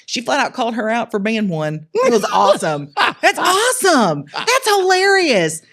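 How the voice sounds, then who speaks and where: A woman guest on a podcast interview, telling lively, jokey stories and poking fun at herself. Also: a little high, moderate pace. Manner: lively, jokey, self-mocking, acts out quotes. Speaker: entrepreneur guest. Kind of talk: animated storytelling in a podcast interview.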